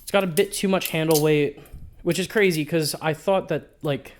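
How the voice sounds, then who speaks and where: A man's voice: fairly high pitch, moderate pace, a little hiss or hum. A man talking through a product review in a casual vlog, rambling and offhand, with frequent swearing. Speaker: balisong reviewer.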